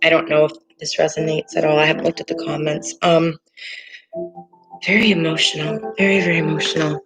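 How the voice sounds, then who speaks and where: A woman giving a tarot reading, speaking in a halting, hesitant way with many pauses and fillers. She sounds earnest and emotional as she talks through the cards. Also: sits low, little pitch movement, low-quality recording. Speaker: tarot reader. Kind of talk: tarot card reading to camera. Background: soft meditation music.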